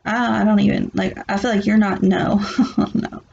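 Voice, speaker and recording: A woman's voice: mid-range voice, steady tone, slow pace, gravelly, long pauses, darkish tone, slight background noise. A woman giving a casual tarot reading, blunt and rambling, often restarting and laughing. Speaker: tarot reader. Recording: muffled lo-fi recording.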